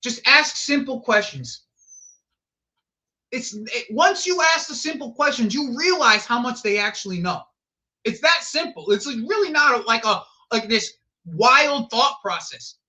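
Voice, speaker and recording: A man's voice: very high-pitched, lively intonation, measured pace, pushed and bright. A man hosting a live football watch-along stream, rambling and swearing, repeating himself and blurting out reactions to the play.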